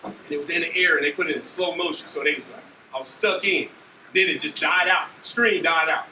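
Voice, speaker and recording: Speaking fairly quickly in a voice on the high side, this Ohio man is an army leader telling motivational stories to students in a school auditorium. He's animated, acts out scenes and keeps asking "right?" The audio comes from far off in an echoey hall, with faint noise.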